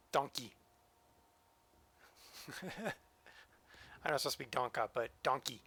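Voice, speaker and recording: Bright-voiced man joking through a train game. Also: medium pitch, takes it slowly, husky. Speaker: streamer. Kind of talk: live-stream gameplay commentary.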